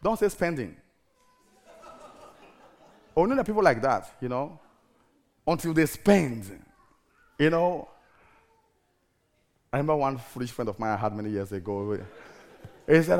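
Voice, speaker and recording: A middle-aged man preaching a sermon in an animated, theatrical way, firing rhetorical questions at the congregation. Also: medium pitch, moderate pace, pauses often.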